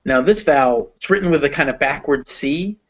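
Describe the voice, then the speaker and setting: A man's voice: on the high side, a little fast, fairly bright tone, muffled recording. A man with a Southern American accent teaching English pronunciation, patiently modeling vowel sounds for a learner. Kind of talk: explaining phonetics to a learner.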